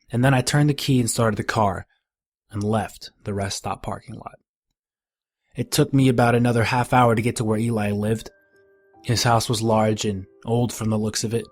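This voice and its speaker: A man with a fairly low voice narrates a first-person horror story. He reads in a measured, grim way, and soft music plays quietly underneath. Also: dry recording. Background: faint music.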